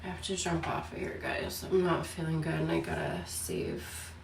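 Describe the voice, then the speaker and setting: A woman vlogging casually about her days, tired and out of breath, speaking softly. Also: sits low, gravelly, echoey room, recorded from a distance, a little hiss or hum. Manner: weary, speaking softly and slowly. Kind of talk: casual personal vlog. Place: hospital room, then home.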